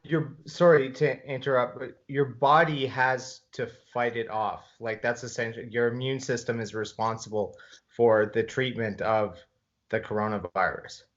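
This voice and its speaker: A man's voice: medium pitch, steady tone, measured pace, fairly bright tone. Hesitant male interviewer, muffled audio. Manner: hesitant, stammering. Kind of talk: casual interview questions.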